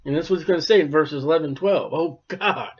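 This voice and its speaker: In a dull lo-fi recording, a pastor delivers an expository sermon, explaining scripture with folksy, wry humor. His voice is a little high and somewhat dark, and he talks very fast.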